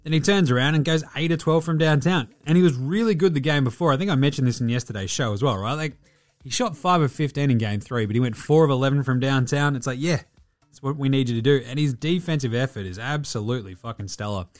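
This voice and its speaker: A man hosting a casual sports talk show, swearing freely and talking in a loose, animated way. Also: mid-range voice, quick pace. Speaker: podcast host.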